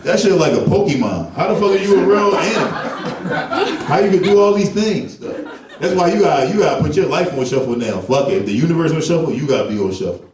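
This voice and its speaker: A man's voice: fairly high pitch, animated, quick pace. Profane man riffing on stage. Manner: profane, rhetorical, slangy. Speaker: stand-up comedian, headliner. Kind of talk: stand-up comedy set. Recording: echoey club from far off, crowd audible.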